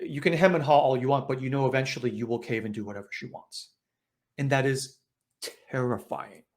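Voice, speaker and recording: A man hosting an online spiritual session, talking in a conversational, reflective way with many filler uhs and restarts. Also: medium pitch.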